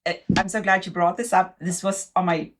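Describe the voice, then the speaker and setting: Middle-aged woman host with a low-set voice, thoughtful and conversational. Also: fairly even intonation, brisk, slight background noise. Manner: thoughtful, many fillers and affirmations. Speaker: podcast host. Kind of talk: casual conversational interview.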